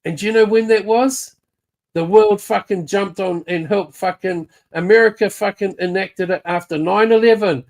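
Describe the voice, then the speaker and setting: A woman with a New Zealand accent rants angrily in a livestream chat, swearing nonstop and jabbing at people she calls out by name. Her voice is mid-range and a little mellow, at a normal speed, and her tone is heated throughout.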